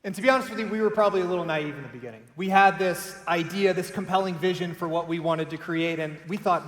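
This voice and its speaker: A man giving a keynote talk at a conference, telling stories in an animated way and acting out the voices of people he quotes. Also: sits high, fast. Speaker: conference speaker, company co-founder. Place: large conference hall. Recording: echoey hall, voice heard from a distance.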